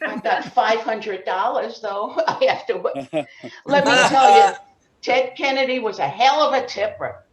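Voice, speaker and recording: A woman's voice: a little high, a little slow, roomy sound, rough recording. An older woman from Brooklyn with a Brooklyn accent, telling bawdy stand-up jokes at an open mic with Yiddish slang. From Brooklyn, New York. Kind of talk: stand-up comedy set.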